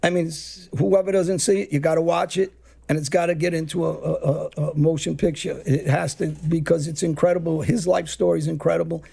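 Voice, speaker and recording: Gravelly, husky middle-aged host, dark mellow tone, rambly street talk. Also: male voice, a little high, fairly even intonation, brisk. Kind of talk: casual interview chat.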